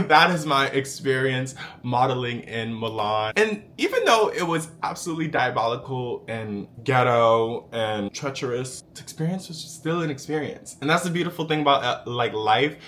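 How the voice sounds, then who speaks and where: A young man telling a story to camera in a sassy, animated, profane way. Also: medium pitch. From United States. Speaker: vlogger.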